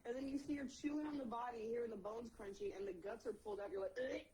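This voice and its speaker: A woman's voice: on the high side, very fast, dark tone, rough recording. A woman co-hosting a podcast, telling profane backyard anecdotes and acting out the dialogue. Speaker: podcast co-host. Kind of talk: casual storytelling.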